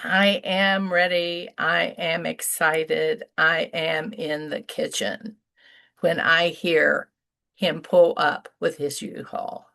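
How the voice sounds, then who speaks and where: Older woman, slow storytelling talk, gravelly voice, deliberate pauses, high and loud when quoting. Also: level tone. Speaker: speaker telling a personal story.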